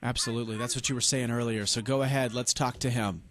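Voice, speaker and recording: A man hosting a late-night radio dedication show from the studio, with smooth, steady on-air patter. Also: medium pitch, quick pace, a little hiss or hum.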